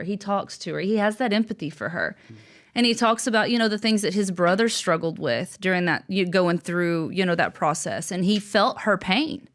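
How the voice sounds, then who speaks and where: A young adult woman telling a long story as an interview guest, animated and acting out quotes, often laughing. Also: mid-range voice. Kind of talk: storytelling in conversation.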